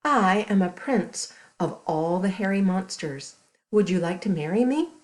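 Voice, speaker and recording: A woman voicing a proud male hairy monster prince in a children's story, speaking slowly and grandly. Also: medium pitch, lively intonation, lightly acted.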